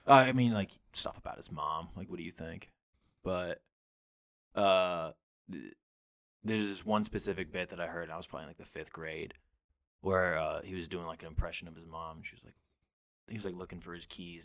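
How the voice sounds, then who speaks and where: A man with a very deep voice chatting on a casual podcast. He mostly drops dry one-liners and quick agreements, and now and then tells a longer story. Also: fairly bright tone. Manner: dry quips and short agreements. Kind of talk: casual chat.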